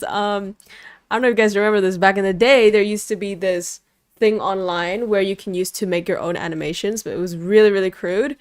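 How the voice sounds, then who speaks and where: This vtuber, a young woman, has a mid-range, steady, smooth voice delivered briskly, recorded at studio quality without room sound. She streams a game live, reading story text aloud, chatting with her audience, switching languages, and greeting them playfully.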